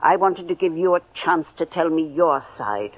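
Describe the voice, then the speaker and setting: A stern older aunt. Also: female voice, fairly low pitch, expressive. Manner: measured, firm and deliberate. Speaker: wealthy aunt confronting her nephew. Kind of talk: 1940s radio acting. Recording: narrow phone-like old radio recording.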